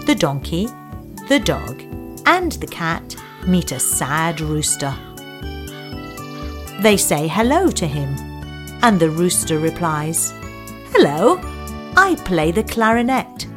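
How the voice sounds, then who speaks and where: A woman narrating a children's story in slow, clear, simple phrasing. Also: deep voice, very animated. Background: music.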